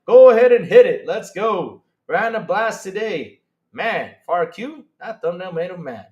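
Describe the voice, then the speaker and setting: Excitable high-pitched man, animated and roomy. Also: highs cut off. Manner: excitable, incredulous, laughing, rapid swings in loudness. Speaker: podcast host reading live chat. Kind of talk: animated live-stream chat.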